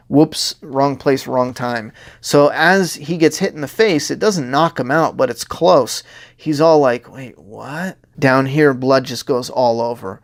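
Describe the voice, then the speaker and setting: Gravelly man rambling through comic commentary. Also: medium pitch. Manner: rambling, laughs often, acts out characters' lines. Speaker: comic writer giving commentary. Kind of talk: casual commentary walking through pages.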